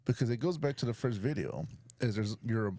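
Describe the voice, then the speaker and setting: Guy reacting to a clip, mellow low-key voice, blunt and repeats himself a lot. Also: fairly quick, no echo. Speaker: reaction video co-host. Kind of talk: casual opinionated commentary.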